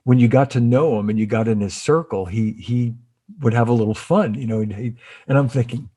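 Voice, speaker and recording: A man's voice: medium pitch, brisk, warm tone, breathy edge. A middle-aged man being interviewed as a guest, telling long stories with many restarts and asides. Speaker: interview guest, former cymbal company artist relations. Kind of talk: casual interview storytelling.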